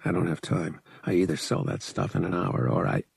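A man's voice: low voice, fairly quick, vocal fry, slightly rough, no room sound, heavily acted. A man voicing a smug, impatient young male pilot who speaks in short, clipped lines. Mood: worried. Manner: curt, impatient.

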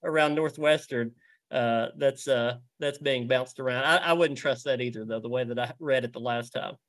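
A man's voice: mid-range voice, normal speed, fairly bright tone. A man with a Southern US accent, a reporter talking as a guest in a casual interview, with a lot of restarts and fillers. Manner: stammering, lots of restarts and fillers.

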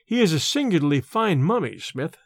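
A man voicing a shaken young male scholar forcing himself to sound calm, in a storybook reading. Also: a little high, a little fast, dry recording. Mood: uneasy.

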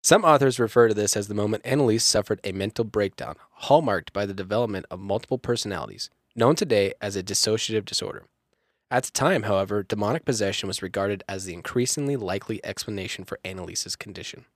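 A man's voice: fairly low pitch, quick pace, no echo, clean studio sound. A young man hosting a podcast, reading a case aloud between casual, swearing banter with friends. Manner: swearing, laughing, lively. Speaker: podcast host reading the story. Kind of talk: casual podcast chat, reading a true-crime script.

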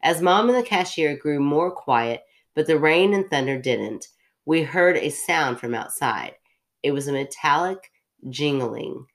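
Low-voiced woman reading a story. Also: lively intonation, unhurried. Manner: chatty, self-interrupting, laughs at herself. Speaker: podcast host reading a story. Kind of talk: story reading with chatty asides.

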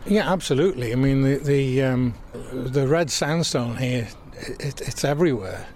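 Older southwest Lancashire man, halting. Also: medium pitch, darkish tone, slight background noise. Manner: halting, many restarts. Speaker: interviewee. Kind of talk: reminiscing conversation.

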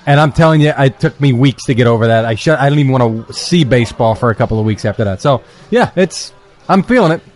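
A man chatting as a podcast guest in a bar, telling stories in a relaxed, self-deprecating way. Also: medium pitch, quick pace. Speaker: podcast guest, football reporter. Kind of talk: casual chat.

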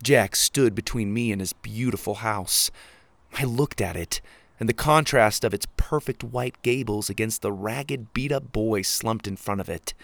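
A man narrating a storybook in the first person with an expressive delivery. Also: lowish voice, measured pace, vocal fry, no room sound. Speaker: audiobook narrator.

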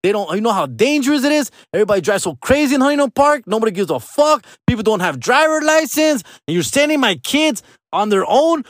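A man's voice: very high-pitched, sing-song, brisk, dry recording, pitched above the performer's own voice. A man voicing an angry middle-aged mother, berating and cursing in a scolding rant. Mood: furious scolding. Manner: shouting, profane, berating.

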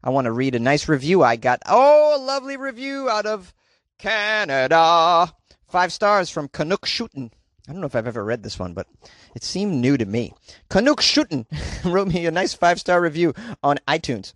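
A man's voice: a little high, expressive, fairly quick, no echo. Jokey male podcast host, dry sound. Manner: jokey, playful asides, breaks into silly singing. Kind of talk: comedic news podcast chat.

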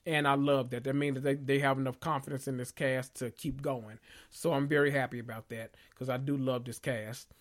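A man from the South, hosting a podcast in casual, opinionated chat with dramatic swings in pitch. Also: level tone, a little fast. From Southern United States. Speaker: podcast host.

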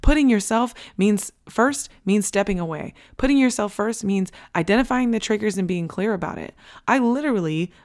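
Woman, podcast host, candid motivational talk, emphatic, swears casually, medium pitch. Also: normal speed, a little mellow. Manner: repeats key points for emphasis.

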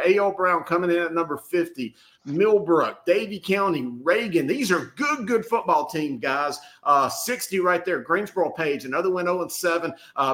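A man, rattling off high school football rankings with energy as the show's analyst. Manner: energetic, rattles off team names. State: out of breath. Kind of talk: excited sports talk.

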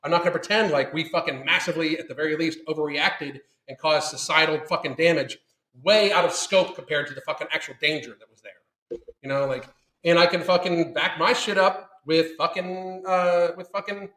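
Man, ranting live host, swears constantly, slightly high voice, echoey room. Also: fairly bright tone. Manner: blunt, ranting, heavy swearing. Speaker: livestream host answering viewer questions. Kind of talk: casual profane live chat.

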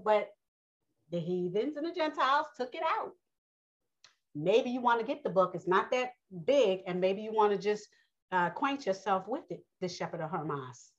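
A woman preaching a casual sermon, reading scripture and talking straight to her listeners, calling them honey and baby. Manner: animated, rising high when quoting the Most High. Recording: lo-fi dull audio.

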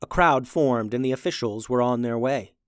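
A children's podcast host reading a storybook aloud in a lively, upbeat way. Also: medium pitch, moderate pace, no echo, clean studio sound. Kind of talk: storybook narration.

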